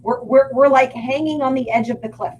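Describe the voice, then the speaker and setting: A woman's voice: high voice, fairly even intonation, brisk, a little mellow, highs cut off, a little hiss or hum. A woman co-hosts a talk show in a casual, conversational way. She often restarts sentences, repeating words as she gathers her thoughts. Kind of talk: casual political chat.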